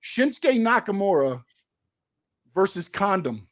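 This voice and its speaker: A man's voice: high-pitched, very animated. Skeptical man arguing on a podcast. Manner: argumentative, skeptical, quick questions. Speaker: co-host. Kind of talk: casual wrestling podcast chat.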